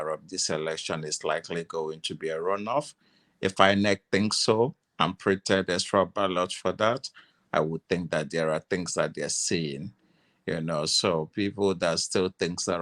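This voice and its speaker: A man's voice: sits low, fairly bright tone. A man giving his view on an online panel, hesitant with restarts and fillers.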